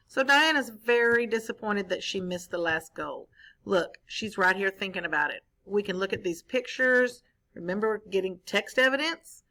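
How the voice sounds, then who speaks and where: A woman teacher reading a story to children, pausing often to explain and quiz them. Her voice is bright and clear, at an everyday pitch. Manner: explaining, asks the listeners questions. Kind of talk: read-aloud lesson for children.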